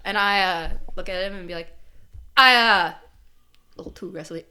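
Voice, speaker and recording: A young woman from Canada playing her character in a tabletop role-play game, talking in an animated, rambling way full of "like" and swearing. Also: medium pitch, brisk. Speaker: player.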